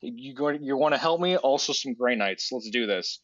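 A man's voice: medium pitch, lively intonation, moderate pace, a bit bright, no room sound. A bluff, overconfident commander who talks in a casual, offhand way, as a man retells the scene. The voice stays close to an everyday man's speech. It sounds dry and slightly dull. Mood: breezy.

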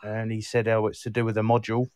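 A man's voice: lowish voice, monotone, fast talker, a little mellow, smooth, dry recording. A man telling a story about his car on a casual live chat. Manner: storytelling, exasperated.

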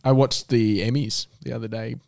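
A man's voice: medium pitch, flat delivery, normal speed, vocal fry, a little mellow. A man spins loose anecdotes in casual podcast chat. His voice sits in the middle range and he keeps an easy flow. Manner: rambling anecdotes. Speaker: podcast co-host.

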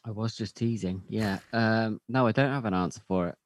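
A man's voice: on the low side, a little fast, dry recording. A man co-hosting a podcast in casual chat, rambling with hesitant fillers. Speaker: podcast co-host.

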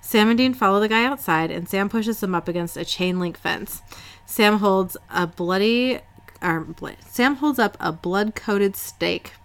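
A woman's voice: medium pitch, a little slow, a bit bright, smooth. A woman co-hosting a podcast, chatting casually through a story recap and laughing at her own slips. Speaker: podcast co-host.

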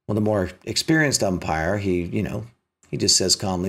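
A man giving a spiritual self-help talk, telling a story and acting out its characters, with pitch that climbs when he is emphatic and drops low and soft for the point. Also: expressive, brisk, gravelly. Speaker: motivational speaker.

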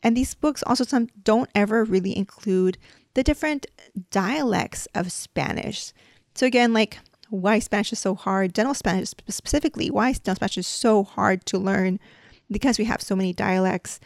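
A woman's voice: medium pitch, moderate pace, no echo, studio quality. A woman hosting a podcast as a dental hygienist, giving a casual lesson in a chatty, explanatory way and coaching her listeners.

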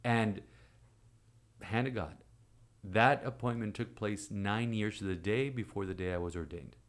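Man, 40s, priest, fairly low voice, animated storyteller. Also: a little slow. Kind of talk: storytelling in conversation.

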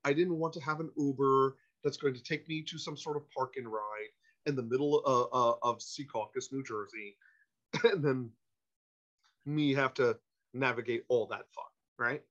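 A man, a podcast guest, telling a casual anecdote in an animated, self-interrupting way, on a dull lo-fi recording. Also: medium pitch, normal speed.

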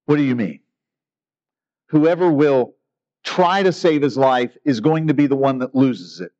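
A man's voice: medium pitch, expressive, measured pace, a little mellow, lo-fi sound. A man preaching a sermon in an earnest, emphatic way, asking rhetorical questions. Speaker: pastor.

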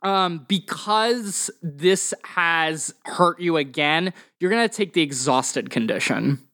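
A man with a slightly raised voice narrates a spooky tabletop game as game master. He explains the rules in a steady, patient way and describes each scene. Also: on the high side, slow.

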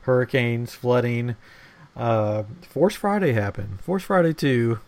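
A man's voice: mid-range voice, slow, a little mellow, no echo. A man hosting a podcast, leading a casual chat with teasing remarks and plenty of fillers. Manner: teasing, leads the conversation with fillers. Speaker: podcast host.

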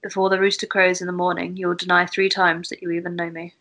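A woman leading a casual Bible study discussion in a thoughtful, gently guiding way. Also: on the low side, level tone, quick pace, vocal fry. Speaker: Bible study group leader.

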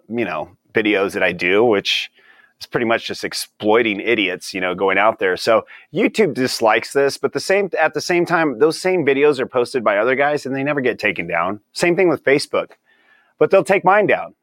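A man's voice: medium pitch, a bit bright, no room sound, clean studio sound. A man as a podcast guest, talking in a rambling, exasperated way and laughing often. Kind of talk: casual political chat.

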